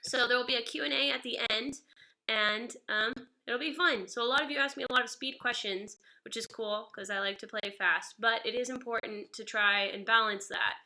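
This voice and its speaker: A woman's voice: a little high, moderate pace, sharp tone. A woman with a stuffy nose giving a chatty, upbeat live-streamed guitar lesson. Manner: chatty and upbeat, greeting viewers by name. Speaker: guitar teacher. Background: guitar playing.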